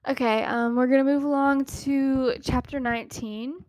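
A woman's voice: high-pitched, slow pace, long pauses, a little mellow, dry recording, highs cut off. A woman hosting a podcast, talking casually about a Bible story, chatty and giggly, with lots of "like" fillers. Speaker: podcast host.

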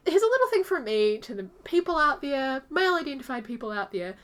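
On a relaxed podcast, this co-host speaks with a brisk voice that sits high. She tells her stories with real animation, slipping into the voices of anyone she quotes.

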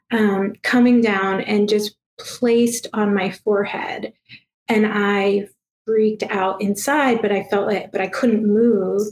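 A woman guest telling a personal story in a soft, emotional way, halting and full of fillers and restarts. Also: medium pitch, echoey room, a little hiss or hum. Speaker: guest, past life regression therapist.

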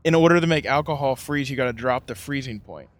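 A man's voice: medium pitch, fast talker, slight background noise. A man joining a podcast as a guest, a scientist who also does photography, explaining things plainly and laughing along. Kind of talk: casual chat.

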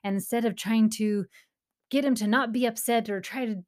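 A woman's voice: fairly high pitch, fairly even intonation, normal speed, darkish tone. A woman in her thirties hosting a parenting talk, speaking in an earnest, encouraging, casual way, with touches of faith. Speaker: parenting podcast host.

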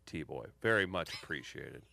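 A man's voice: rumbling low, animated, normal speed, creaky, sharp tone, no room sound. A man hosting a radio talk show, playful and joking, reading out listener messages. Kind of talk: casual banter.

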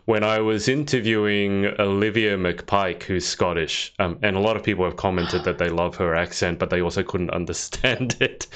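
Male host with a very low voice, friendly and chatty, a touch hesitant, on a video call. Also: fairly even intonation, normal speed, hardly any pauses, fairly bright tone, clean tone. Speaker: interview host. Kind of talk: casual interview chat.

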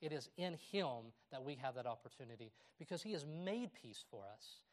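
A man's voice: mid-range voice, expressive, normal speed. A middle-aged man preaching a sermon, reading scripture aloud and telling personal stories with a laugh. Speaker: pastor.

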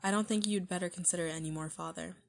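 A woman's voice: fairly low pitch, fairly even intonation, rapid-fire, creaky. A woman reading as a cold, defiant boy. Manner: cold, sharp replies.

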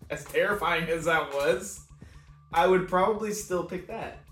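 Slightly high-voiced man telling a story. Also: unhurried, a bit bright. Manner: laughing often, swearing, quoting himself. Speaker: podcast co-host. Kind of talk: casual storytelling. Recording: echoey room, far from mic, faint music.

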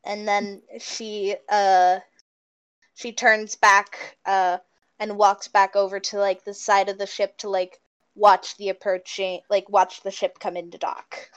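A woman's voice: mid-range voice, level tone, slow pace, smooth, dull audio. A woman playing in a tabletop game, describing her character's actions in a rambling way full of fillers. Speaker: player.

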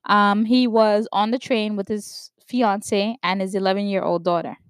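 Woman from new york doing commentary, emphatic, slows down to stress stuff, dry close sound. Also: medium pitch, steady tone, smooth, dry recording. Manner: emphatic, stresses words slowly, checks in with "right?". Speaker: vlogger commenting on news. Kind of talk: opinion commentary to camera.

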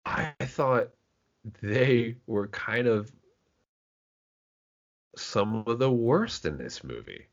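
A man's voice: mid-range voice, sing-song, very slow, pauses often. A man co-hosting a podcast, chatting casually about movies, rambling with frequent restarts and casual swearing. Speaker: podcast co-host. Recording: dull lo-fi podcast audio.

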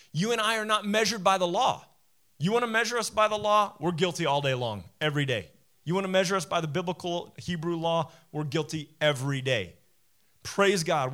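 Animated, bright-voiced male pastor. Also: a little high. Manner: animated, conversational, self-deprecating. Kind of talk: sermon.

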